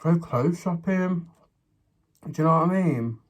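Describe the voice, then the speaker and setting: A man's voice: on the high side, a little slow. A man, a mukbang vlogger chatting casually and a little sassily while he eats, sometimes talking with his mouth full. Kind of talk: casual chat while eating.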